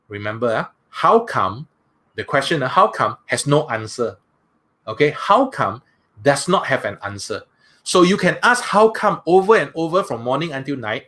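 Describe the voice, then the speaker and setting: A man's voice: mid-range voice, a bit bright. A man with a Malaysian English accent giving a conversational seminar talk as a motivational speaker, often asking the audience questions.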